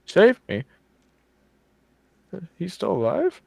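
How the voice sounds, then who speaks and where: A man's voice: on the high side, quick pace, no room sound, pitched above the performer's own voice, close to an everyday voice. A man voicing a frightened, distraught man who is in denial and keeps repeating himself. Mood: panicked denial.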